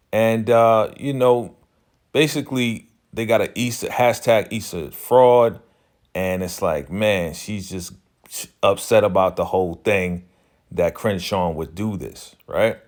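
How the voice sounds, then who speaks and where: A man giving a casual, chatty recap of a TV episode, loose and full of slang and "you know" fillers. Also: lowish voice. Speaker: TV recap channel host.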